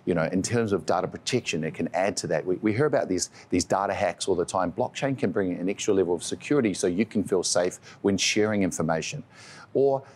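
A man's voice: sits low, fast talker, darkish tone. A man with a New Zealand accent, a tech executive giving earnest, explanatory interview answers with frequent restarts.

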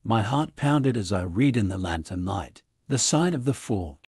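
A man reading a classic story aloud as scripted narration for English learners, in a clear, even way. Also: on the low side, normal speed, no echo, studio quality.

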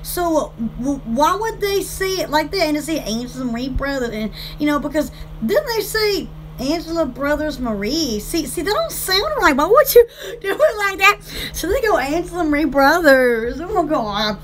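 A woman's voice: high-pitched, very animated, normal speed, slight background noise. A woman, hosting her online shop in rambling casual chat, giggly and silly, laughing and squealing often.

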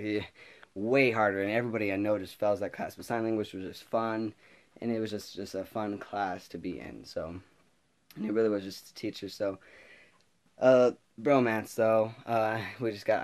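A teenage boy spins a casual story from his school days, with a fairly low voice. He rambles, restarts and laughs as he talks to his viewers. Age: teens. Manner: rambling, laughing, animated retelling. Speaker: vlogger.

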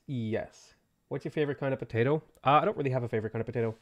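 A man streaming a game, casually greeting viewers by name and giving quick offhand answers to their questions. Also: mid-range voice. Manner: greets chat viewers by name between game setup remarks. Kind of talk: casual live-stream chat.

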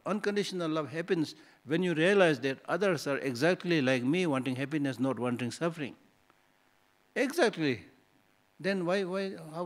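A male Buddhist teacher giving a dharma talk in a hall, conversational and teasing, full of rhetorical questions. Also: a little high.

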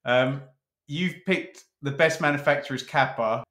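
A man hosting a casual chat, teasing his co-host in a playful, brisk way. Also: mid-range voice, fairly bright tone, echoey room. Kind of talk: casual chat ranking football kits.

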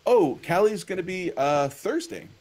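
A man hosting a casual chat, asking questions in an animated way. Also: sits high, normal speed. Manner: animated, questioning, laughs often. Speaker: host.

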